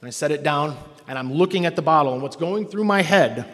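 A man's voice: a little high, lively intonation, a little fast, fairly bright tone. A middle-aged man telling his own recovery story to a meeting, in a candid, self-mocking way. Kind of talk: personal testimony to a meeting. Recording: long hall reverb.

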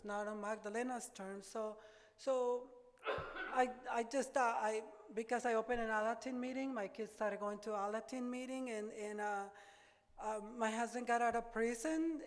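Older woman, personal testimony, earnest and halting, repeats words, fairly high voice, reverberant meeting hall. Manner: earnest, halting, repeats words as she gathers her thoughts. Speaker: speaker sharing her recovery story.

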